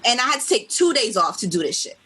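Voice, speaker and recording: New york woman, bright voice, cussing her way through a story on a podcast, does the other people's lines. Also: a little high, quick pace, husky, poor audio. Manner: animated storyteller, swears a lot, acts out other people. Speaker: podcast co-host. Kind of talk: casual chat, storytelling.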